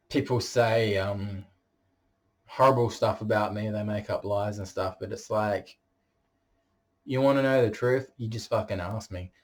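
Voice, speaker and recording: A man's voice: fairly low pitch, darkish tone. A man talking straight to camera in a vlog monologue, blunt and boastful and swearing freely. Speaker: vlogger.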